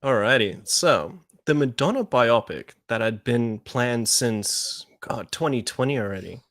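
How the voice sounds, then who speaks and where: Aussie guy on a movie podcast, slow easy talk, voice bounces up and down, dry close mic. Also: medium pitch, lively intonation, a bit bright, no echo. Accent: Australian. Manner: laughs often, joking. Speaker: podcast co-host. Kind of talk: casual chat.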